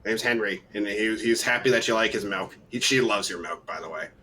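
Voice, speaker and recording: This man banters in a tabletop game in an excitable, rambling way with lots of swearing. His voice is low and bright, with a sharp edge. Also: brisk, slight background noise. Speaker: player.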